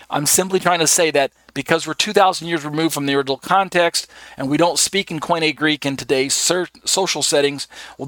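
A man leads a Bible study, his voice sitting a touch high for a man. He talks in a loose, conversational way, stopping often on fillers as he reads through passages. The sound is dry and close, with no room around it. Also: fairly bright tone, no room sound. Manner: conversational, filler-heavy, reads verses aloud. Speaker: Bible teacher. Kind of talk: casual Bible study lesson.

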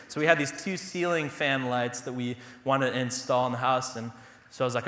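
Young pastor, bright tone, casual self-deprecating sermon delivery, roomy church echo. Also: male voice, mid-range voice, a little fast. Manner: conversational, self-deprecating humor. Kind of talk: sermon with personal stories. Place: church sanctuary.

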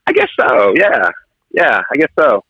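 A man's voice: medium pitch, unhurried, husky, no echo, lo-fi sound. A man who is a fire officer, telling stories in a conversational interview and acting out the lines of the people in them. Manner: animated storyteller who acts out quotes.

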